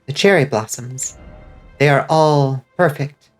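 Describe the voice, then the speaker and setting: A man with a stuffed-up nose talks his way through a game stream, chatty and excitable, cursing freely as he reacts. His voice sits a little high. Soft game music plays underneath. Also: measured pace. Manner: excitable, swears freely, reads out chat. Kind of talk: casual gaming commentary.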